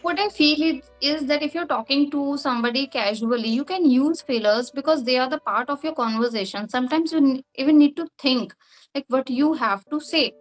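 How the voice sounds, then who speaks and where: High-voiced woman explaining at length. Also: a little fast, faint music behind. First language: Hindi. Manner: explains at length, laughs often, uses "like" as filler. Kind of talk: casual interview answers.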